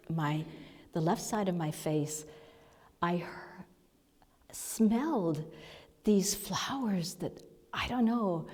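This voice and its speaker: A woman minister giving a conversational sermon lesson, seated before the congregation, with soft, halting storytelling and breathy asides. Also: lowish voice. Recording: long reverb of a large hall.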